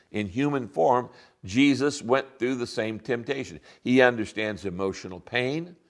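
A man preaching a sermon as pastor, earnest, slowing down to stress key lines. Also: medium pitch. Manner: earnest preaching, slows down for emphasis.

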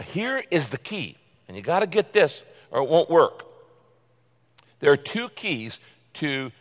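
A man preaching a sermon, swinging from loud, pleading quotes down to hushed, confiding asides. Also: medium pitch. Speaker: pastor. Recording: long reverb of a large hall.

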